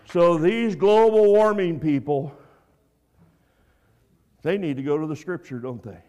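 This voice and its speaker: Man, high voice, sermon, emphatic then quiet. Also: a little slow. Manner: preaching with emphatic rises and quiet asides. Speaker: preacher.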